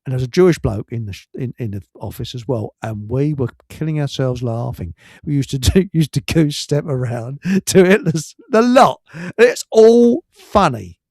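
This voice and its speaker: A man's voice: mid-range voice, moderate pace, few pauses, darkish tone, breathy edge, no room sound. Chatty man, dry close sound. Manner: chatty storyteller, slips into silly put-on voices. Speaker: show host. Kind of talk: casual chat.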